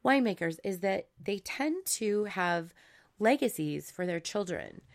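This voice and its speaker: A woman's voice: medium pitch, big pitch swings, unhurried, creaky. A woman co-hosting a casual wine podcast, musing aloud and searching for words. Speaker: podcast co-host.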